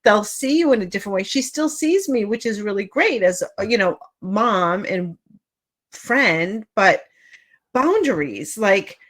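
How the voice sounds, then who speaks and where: A middle-aged woman co-hosts a casual podcast in a mid-range voice. Her talk is chatty and relaxed, full of fillers and amused asides. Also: medium pitch, unhurried. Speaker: podcast co-host. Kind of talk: casual chat.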